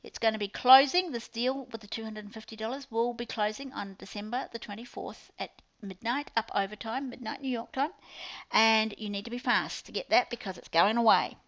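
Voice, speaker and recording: A woman's voice: on the high side, a little fast, a bit bright, highs cut off. A woman with a New Zealand accent, a business coach giving an upbeat, chatty promotional talk to her clients. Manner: chatty, upbeat sales patter with playful asides.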